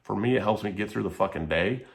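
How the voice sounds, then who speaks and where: A man's voice: lowish voice, fast talker, gravelly. A man telling a personal story to camera in a casual, heated, profane way. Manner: heated, profane, animated retelling.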